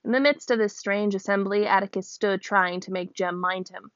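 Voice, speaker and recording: A woman reading a novel aloud, lifting her pitch a little for the characters' lines, at times stopping to check how a word is said. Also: fairly even intonation, moderate pace, a bit bright, no room sound. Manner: voices characters with small pitch lifts; stops to check a word's pronunciation and laughs. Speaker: reader. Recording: dull, dry close recording.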